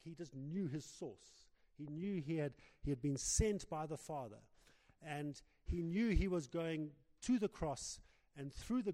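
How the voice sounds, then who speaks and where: A man preaching a sermon, talking in a halting way with many restarts and fillers. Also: fairly high pitch, mellow. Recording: long reverb of a large hall.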